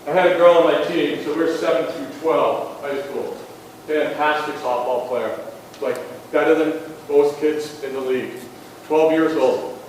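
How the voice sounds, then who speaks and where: A school athletics speaker gives parents an earnest motivational talk, telling stories and often checking in with "okay?" His fairly high voice is unhurried and fairly even, captured from far off in an echoey school auditorium with slight background noise.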